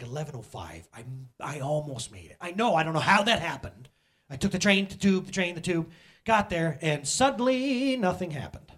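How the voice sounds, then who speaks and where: Middle-aged male pastor, raised pitch, lively storytelling sermon, slightly husky. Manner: animated, self-mocking, laughs often. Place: church.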